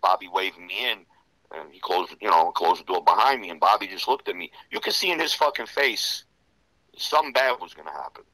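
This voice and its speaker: A man telling rough stories in a casual interview, profane and rambling, full of "you know". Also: low-pitched, expressive, brisk, sharp tone, no echo, rough recording. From Serbian Romanian background. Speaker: interview guest.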